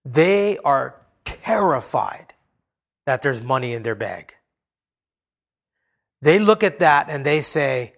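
A man preaching a sermon, telling the story expressively and dropping low and soft for emphasis. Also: expressive, slow. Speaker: pastor.

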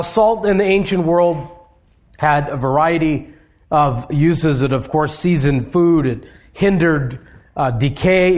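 A man preaching an expository sermon, measured, with emphatic rises and soft drops. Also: a little high. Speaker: pastor.

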